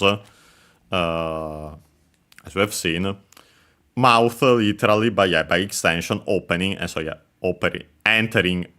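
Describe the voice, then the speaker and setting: A man teaching a language lesson while playing a game, talking slowly in a low voice. His tone is bright and forward despite the depth. He hedges with many fillers and corrects himself as he goes. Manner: explanatory, chuckles while explaining. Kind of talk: let's-play language lesson.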